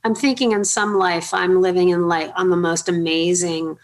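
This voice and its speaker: A middle-aged woman hosting an interview, telling chatty, animated anecdotes with many fillers. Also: lowish voice, normal speed. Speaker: podcast host. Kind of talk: casual storytelling interview.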